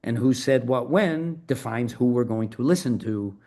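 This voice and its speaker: A man's voice: mid-range voice, moderate pace, warm tone. A middle-aged man as an interview guest, talking in a fired-up, emphatic and profane way. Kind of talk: podcast interview.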